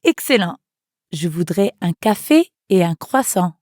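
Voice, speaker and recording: A woman's voice: lowish voice, very animated, normal speed, a little mellow, dry recording, studio quality. A woman hosting an audio language lesson, narrating scenes and encouraging the listener in an upbeat, scripted way.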